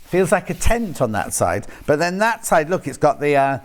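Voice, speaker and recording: Lively, chatty shopping-channel man. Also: a little high, normal speed. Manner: chatty, joking, rambling asides. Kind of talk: live TV selling chat. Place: TV studio.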